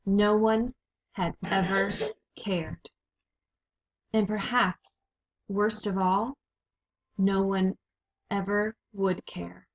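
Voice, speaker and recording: A woman reading a children's novel aloud in a slow, measured and expressive way. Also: medium pitch. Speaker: reader. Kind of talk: read-aloud storybook narration. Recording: dull lo-fi recording.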